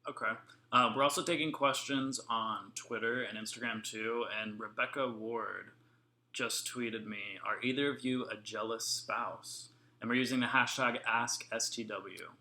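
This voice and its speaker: A man's voice: medium pitch, fairly even intonation, measured pace, bright, forceful tone. A young man co-hosting a casual family vlog Q&A, chatty and laughing often while telling stories. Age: young adult. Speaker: vlog co-host. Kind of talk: casual live Q&A chat.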